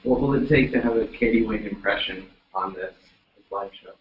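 A man's voice: on the low side, moderate pace, lo-fi sound. A man off camera prompting the host with casual questions, heard from a distance. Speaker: off-camera producer. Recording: roomy, off-mic.

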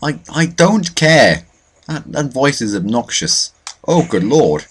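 A man's voice: medium pitch, very animated, takes it slowly, a bit bright, husky. A young man hosting a let's play, commentating his own matches with self-mocking, mock-boastful trash talk. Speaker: gaming channel host.

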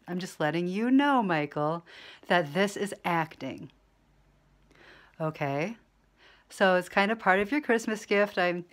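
A woman speaking quietly and calmly in a casual video message to camera. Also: lowish voice. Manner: quiet, soft-spoken, calm. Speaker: digital creator.

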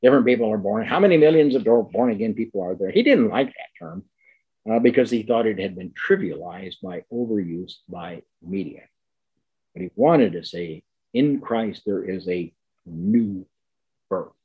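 Emphatic older male lecturer, lively pitch. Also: breathy edge, phone-quality sound. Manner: emphatic, repeats key words, slows down for stress. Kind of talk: academic lecture.

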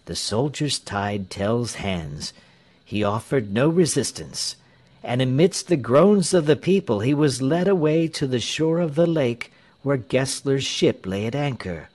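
A man narrating a story in a measured, clear way for English learners. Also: mid-range voice, expressive, a little mellow.

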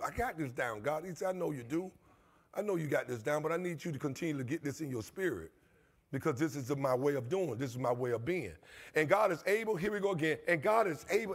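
A man's voice: fairly high pitch, fast talker, breathy edge. A man pastor, preaching a passionate sermon in his church with call-and-response and repetition. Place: church sanctuary.

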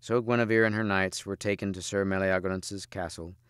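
A man, a teacher, reading a storybook aloud in steady, measured audiobook narration. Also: low voice, smooth, no room sound, studio quality.

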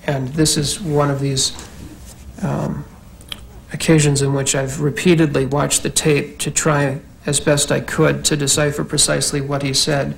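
A male psychiatrist testifies in court in a careful, clinical way. His voice is gravelly and flat, with little rise or fall, and faint room noise sits behind him. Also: fairly high pitch, low-quality recording. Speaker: psychiatrist, expert witness.

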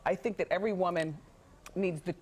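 A woman's voice: fairly low pitch, a little fast, a little mellow, slightly rough. A woman who hosts her own talk show, chatting as a guest in a TV news studio, emphatic and opinionated with a playful edge. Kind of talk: casual studio chat.

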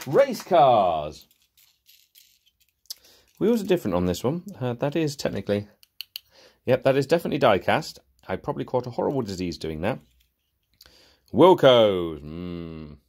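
A man's voice: medium pitch, big pitch swings, slow pace, pauses often, a little mellow. A young man giving sarcastic, exasperated casual commentary while reviewing cheap toys. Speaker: toy reviewer.

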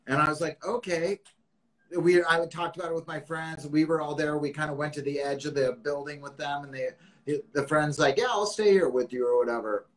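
A man hosting a casual interview, with a voice on the high side of average. He tells stories with lots of energy, acting out each quote and swearing freely. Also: flat delivery, fairly quick, fairly bright tone, low-quality recording. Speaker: host.

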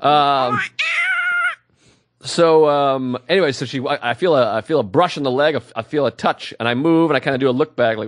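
A man's voice: medium pitch, brisk, dry recording, studio quality. A man co-hosting a podcast, casually telling a rambling story and acting out the people in it. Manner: rambling, acts out quotes in voices. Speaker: podcast co-host.

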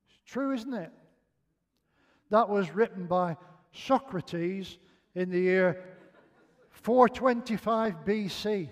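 In a church hall, an older man with a Northern English accent tells humorous stories as a sermon, chatty and self-mocking, acting out the lines himself. His voice is high, and he speaks slowly with frequent pauses.

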